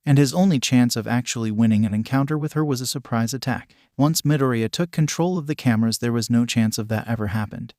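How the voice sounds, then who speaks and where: A man narrates a fanfiction story in a steady, even storytelling manner. His pitch sits in the middle range, and the recording is dry and close with no room sound. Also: no room sound. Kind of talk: reading fanfiction aloud.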